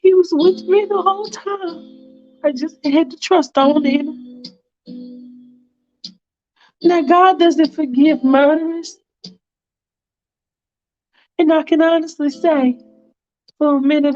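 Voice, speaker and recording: A woman's voice: high-pitched, slow pace, long pauses, a little mellow, faint music behind, pitched above the performer's own voice. A woman voicing a remorseful woman on trial, confessing earnestly. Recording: dull lo-fi recording.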